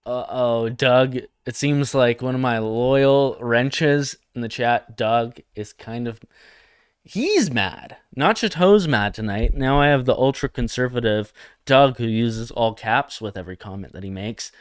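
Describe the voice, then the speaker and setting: A man's voice: mid-range voice, unhurried, smooth, no echo, studio quality. A young man hosting a satirical comedy livestream, talking provocatively and mockingly and reading comments from chat.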